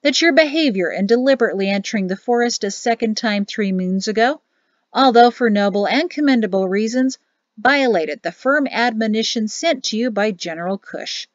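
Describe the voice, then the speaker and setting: A woman reading as a sly, fatherly old general in a storybook, measured and formal in his speech. The recording is dull and lo-fi, with a close, dry sound. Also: fairly high pitch, animated, no echo, pitched above the performer's own voice, natural voice. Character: older male high general, sly and fatherly.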